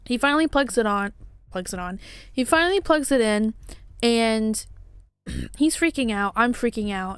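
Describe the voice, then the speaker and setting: Woman, vlogger, dramatic personal storytelling, smooth clear voice, dry close sound. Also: fairly high pitch, dry recording. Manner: emotional, dramatic retelling with many fillers. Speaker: paranormal investigator and vlogger.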